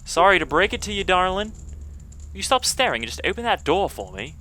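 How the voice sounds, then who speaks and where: Male amateur playing a sassy fairy girl in a put-on English accent, high and bright. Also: sing-song, brisk, slight background noise, heavily acted. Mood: bossy. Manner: bossy, pleading, sassy. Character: sassy bossy female fairy companion.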